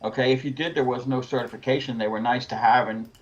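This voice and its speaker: A man's voice: medium pitch, steady tone, fast talker, dull audio. A middle-aged man, a window cleaner and podcast guest, telling work stories in a laid-back casual chat. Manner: laid-back, conversational storytelling.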